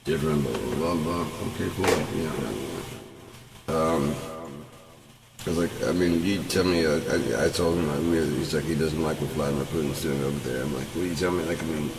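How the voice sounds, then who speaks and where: A man's voice: rumbling low, fairly even intonation, brisk, noisy background. A man hosting his own channel, rambling through a sarcastic, profane monologue. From United States. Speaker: channel host. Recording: echoey room from far off the mic.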